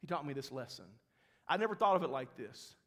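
A male pastor, preaching a sermon with animated storytelling that rises into loud, fervent passages. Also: fairly high pitch, brisk. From Mississippi. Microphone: handheld or headset microphone, sometimes cutting out. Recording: church hall with long reverb.

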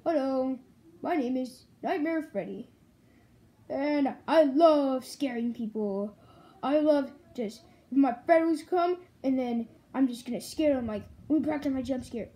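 A young woman voicing a goofy male animatronic bear plush who brags about scaring kids and practises roars, in slow toy play-acting. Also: high-pitched, dark tone, pitched below the performer's own voice. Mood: playful, boastful. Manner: boastful, clumsy, rehearses roars.

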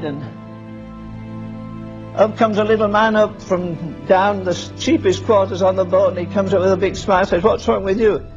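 A man preaching a sermon, firing rhetorical questions at the congregation and acting out Bible scenes in dialogue. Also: sits high. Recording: dull lo-fi sermon recording with faint music.

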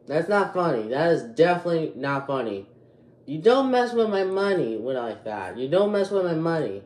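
A man's voice: mid-range voice, very animated, moderate pace, darkish tone, echoey room. A twelve-year-old boy hosting a casual vlog, agitated and rambling with many restarts. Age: 12 years old. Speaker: youtube channel host.

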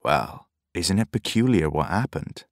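A man voicing a tired old grey-haired fisherman who speaks in a slow, soft mutter, in an audiobook. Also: low voice, sing-song, no room sound, clean studio sound, heavily acted.

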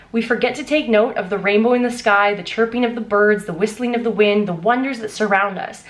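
Gushing, excited woman vlogger. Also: a little high. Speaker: author and vlogger. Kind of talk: excited vlog unboxing and reading aloud.

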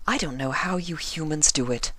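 A man's voice: fairly high pitch, bright, forceful tone, no room sound, voice pushed up. A man voicing a haughty, refined female unicorn fashion designer in a posh, theatrical manner, in an audiobook reading. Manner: posh, theatrical, drawn-out vowels.

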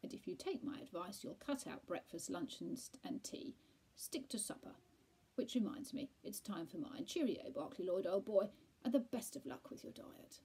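A woman's voice: mid-range voice, animated, warm tone, husky. Woman doing a posh, clipped tomcat. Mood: firm advising. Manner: brisk, firm, clipped. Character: posh clever male Persian tomcat.

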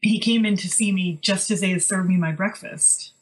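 A woman's voice: mid-range voice, moderate pace, low-quality recording. A woman co-hosting a podcast, telling stories in a chatty, wry, casual way. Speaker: podcast co-host. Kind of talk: casual chat.

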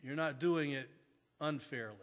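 A pastor preaching a sermon in an earnest manner, repeating key phrases for emphasis. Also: male voice, fairly high pitch, normal speed. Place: church sanctuary. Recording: long church reverb.

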